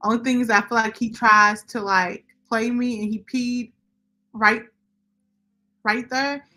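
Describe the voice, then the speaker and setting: A woman's voice: a little high, steady tone, a little slow, pushed and bright. A young woman, chatting casually with viewers as a livestream host. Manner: chatty, talks to viewers and chat directly. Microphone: computer microphone.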